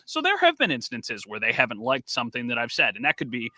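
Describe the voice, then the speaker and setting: Bright-voiced man telling a story. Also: mid-range voice, quick pace, dry recording. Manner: animated storyteller, acts out quotes. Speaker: podcast co-host and sports reporter. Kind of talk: casual podcast chat.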